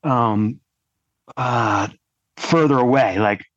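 A man's voice: medium pitch, very slow, no echo. A man, a podcast guest, telling his story casually and rambling, with lots of "like" fillers. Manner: rambling, heavy use of "like" fillers. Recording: dull lo-fi dry audio.

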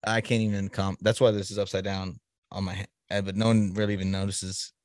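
A man from the Boston area talks as a guest in a loose video call chat. His voice sits fairly low, the sound is dry and close with no room around it, and his thoughts wander and restart. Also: flat delivery, a little fast, a little mellow, no echo. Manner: rambling, self-interrupting, laughs often. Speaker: podcast guest. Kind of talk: casual chat.

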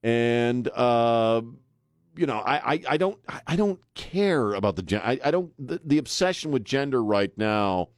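This talk radio host speaks at medium pitch with lively intonation and an unhurried pace, captured in a dry recording. At his studio mic he holds forth in an opinionated monologue, blunt and sarcastic, often hesitating with fillers.

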